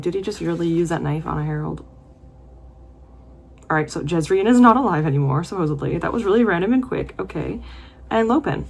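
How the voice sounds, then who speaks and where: A young woman book vlogger reacts to her reading in an emotional, gushing, exclamatory way. Her voice is lowish and slightly rough, with vocal fry.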